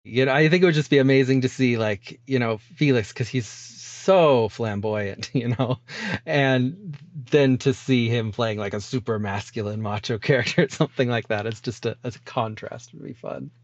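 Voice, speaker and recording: A man hosting a casual film podcast who laughs often and retells scenes with animated energy. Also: mid-range voice, moderate pace, no echo, highs cut off. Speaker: podcast host.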